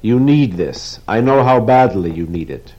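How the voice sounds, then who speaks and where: A man's voice: fairly low pitch, sing-song, unhurried, darkish tone. A man voicing an exasperated middle-aged male board member who pleads urgently in a raised voice. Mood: pleading. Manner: urgent, imploring, rising voice. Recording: dull lo-fi recording.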